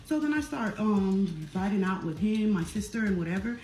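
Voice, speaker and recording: A woman's voice: medium pitch, fairly quick, a little mellow. A young woman telling a family drama storytime in a casual, blunt and profane way. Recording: roomy echo with faint music.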